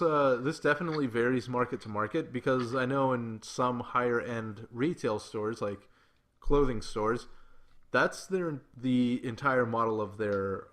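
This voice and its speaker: A man as a podcast guest, weighing a point in measured, analytical casual chat. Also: mid-range voice, fairly bright tone.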